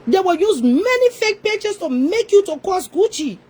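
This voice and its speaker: A woman's voice: extremely high pitch, big pitch swings, normal speed, darkish tone, rough recording. A woman ranting as an online commentator, scolding and confrontational, repeating her points to hammer them home. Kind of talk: ranting social media commentary.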